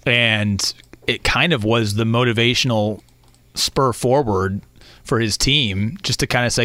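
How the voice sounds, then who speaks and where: A man's voice: mid-range voice, a little slow, no echo. A man hosting a sports radio show, chatting casually and acting out quotes as he tells a story. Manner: animated storyteller, acts out deadpan quotes.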